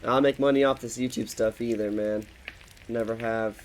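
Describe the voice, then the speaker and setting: Playing a game, a twentysomething guy vents a frustrated story in a casual rant, cursing often and restarting his sentences. His medium-pitched voice holds a steady tone at a moderate pace, with slight hiss or hum in the background.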